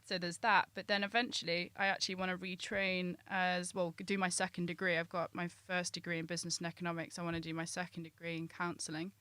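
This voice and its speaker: A woman's voice: lowish voice, little pitch movement, fast, few pauses, pushed and bright, no room sound. A young woman in her twenties, chatting as a podcast guest in an upbeat way with frequent restarts. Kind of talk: casual chat.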